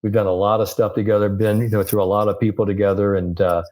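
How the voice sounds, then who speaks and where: A middle-aged man, a sports psychologist guest, telling stories in a lively, animated way and acting out the dialogue. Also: on the low side, fast talker. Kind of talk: anecdotal interview storytelling.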